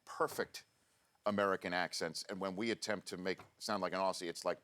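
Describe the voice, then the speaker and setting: Sports talk host, lowish voice, playful studio banter. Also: male voice, fairly even intonation, a little fast, fairly bright tone. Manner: playful, joking. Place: radio studio.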